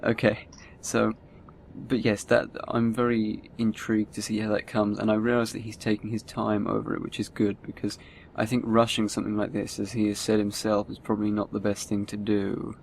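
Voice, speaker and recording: A man's voice: on the low side, moderate pace, creaky, slight background noise. A man co-hosting an amateur animation news show in casual chat, reading out titles and giving his opinions at length. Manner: relaxed, reads titles and comments at length.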